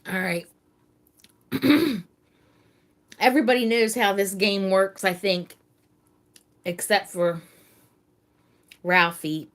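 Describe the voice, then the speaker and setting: A middle-aged woman hosting a casual live chat with her viewers, talking in a halting way and repeating words as she gets emotional. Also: medium pitch. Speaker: livestream host.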